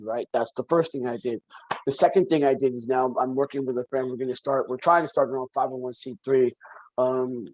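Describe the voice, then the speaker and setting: A man guesting on a podcast, chatting casually as an animated storyteller who repeats phrases for emphasis. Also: mid-range voice, rough recording. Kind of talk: casual conversation.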